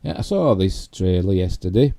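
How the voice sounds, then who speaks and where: Man, Yorkshire accent, very dark mellow tone, rambling live stream chat, tag questions. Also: low-pitched, animated, normal speed, gravelly. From Yorkshire, England. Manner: rambling, full of "you know" and tag questions. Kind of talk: casual live stream commentary on geek news.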